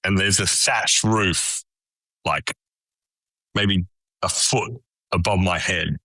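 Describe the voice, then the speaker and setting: A man's voice: low voice, takes it slowly, no room sound. A man with an Australian accent, a chef telling a story as a podcast guest, swearing freely and acting out the dialogue. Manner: swears freely, animated anecdote with quoted dialogue. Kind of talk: casual storytelling chat.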